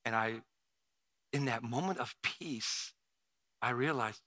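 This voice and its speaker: Male preacher, crisp bright tone, restarts and repeats words, close dry mic. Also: medium pitch, slow pace, pauses often, no echo. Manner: emotional storytelling with frequent restarts and repeated words. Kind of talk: sermon with personal story.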